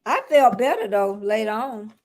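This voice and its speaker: A woman in her sixties with a Southern US drawl hosts a relaxed live-stream chat. She sounds chatty and laughs easily, with a fairly high-pitched voice. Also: moderate pace, gravelly, a little hiss or hum. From Southern United States. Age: 60s. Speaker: show host.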